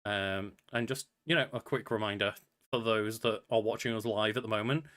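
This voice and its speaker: A man's voice: fairly low pitch, fairly even intonation, moderate pace, a bit bright. A man co-hosting a podcast in casual chat, upbeat and chatty, often laughing. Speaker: podcast co-host.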